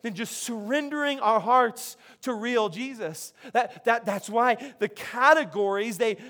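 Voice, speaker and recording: A man's voice: very high voice, a bit bright. A man preaching a sermon as pastor in a conversational way, often repeating words as he restarts his sentences. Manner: conversational, frequent word repetitions and restarts.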